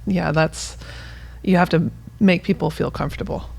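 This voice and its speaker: Gravelly-voiced woman, earnest and expressive. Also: lowish voice, moderate pace. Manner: earnest, expressive, laughs easily. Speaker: physical therapist guest. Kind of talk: casual conversation.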